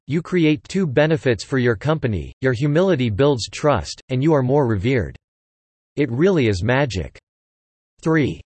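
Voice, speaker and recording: A man narrating a satirical guide in a dry, sarcastic, deadpan way, also playing a surveyor on one-sided phone calls. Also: mid-range voice, no echo.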